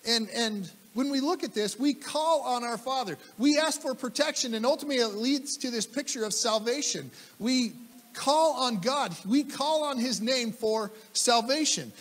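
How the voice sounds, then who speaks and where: A man's voice: very high-pitched, normal speed, fairly bright tone, long reverb tail. A man preaching a sermon as pastor, emphatic, repeating key phrases and putting questions to the congregation. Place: church sanctuary.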